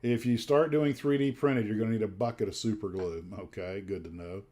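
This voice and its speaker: A man with a fairly low voice hosting a relaxed livestream, talking in a loose, rambling way. He often trails off, restarts his sentences and fills pauses with "uh" and "um". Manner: rambling, many fillers and restarts. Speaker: livestream host. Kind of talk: casual chat.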